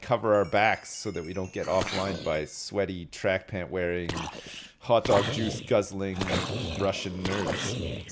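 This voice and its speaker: A man streaming a game live, chatting casually with viewers, joking, swearing and telling stories with animated energy. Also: low-pitched, background noise. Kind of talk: casual live-stream chat while gaming.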